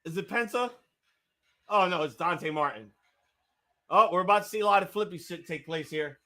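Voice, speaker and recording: A man hosting a live wrestling watch-along, reacting with excitable, profanity-laced outbursts while his voice gets strained. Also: high voice, normal speed. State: voice getting strained.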